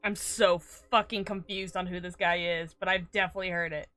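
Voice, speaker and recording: A woman streaming a game live, reacting excitably with swearing, shouts and laughs. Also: fairly low pitch, fairly quick.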